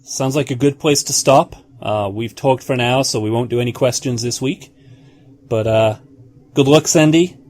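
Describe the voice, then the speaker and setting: A man's voice: medium pitch, normal speed, darkish tone. A man hosting a casual podcast, chatting loosely and upbeat with co-hosts. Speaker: podcast host.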